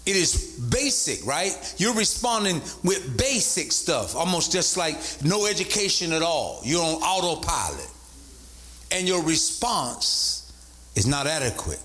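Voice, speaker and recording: A man preaching a sermon as bishop, repeating points and rising into sing-song emphasis. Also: unhurried. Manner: animated, swoops from low to high pitch, sing-song emphasis.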